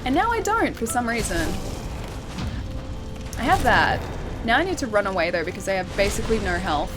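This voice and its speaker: A woman's voice: mid-range voice, big pitch swings, moderate pace, long pauses, over music. A woman streamer chatting casually while she plays a game, reading viewer messages aloud and laughing often. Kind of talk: casual live-stream chat while gaming.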